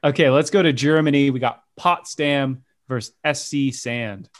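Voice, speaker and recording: A man's voice: mid-range voice, moderate pace. A man hosting a casual football podcast, reading out fixtures and asking his co-hosts for their picks in a joking way. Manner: jokey, reads out fixtures and asks for picks. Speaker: podcast host. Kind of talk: casual sports chat.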